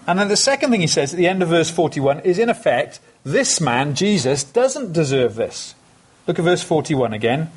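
A man's voice: fairly high pitch, sing-song, moderate pace, husky. A man preaching a sermon, earnest and emphatic, repeating phrases for stress.

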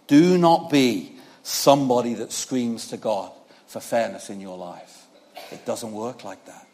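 A man preaching a sermon at a church service, talking conversationally with many tag questions to the congregation, and swinging between loud emphasis and quiet passages. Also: mid-range voice, lively intonation, unhurried.

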